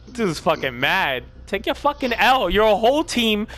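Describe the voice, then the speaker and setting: A man's voice: high-pitched, sing-song, a little slow, fairly bright tone. A man streaming a shooter game, chatting casually and profanely with teammates and laughing a lot. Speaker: gamer streamer. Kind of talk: casual gameplay chat with teammates.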